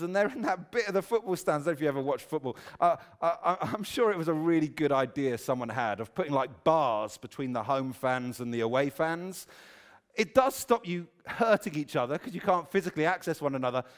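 A pastor preaching a conversational sermon, with humorous, self-deprecating asides. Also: male voice, on the high side.

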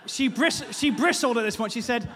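High-voiced man doing stand-up. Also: normal speed, sharp tone, in a large hall, a little hiss or hum. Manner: self-mocking, acts out panicked high-pitched voices. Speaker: stand-up comedian. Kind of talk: stand-up comedy storytelling. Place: comedy venue with live audience.

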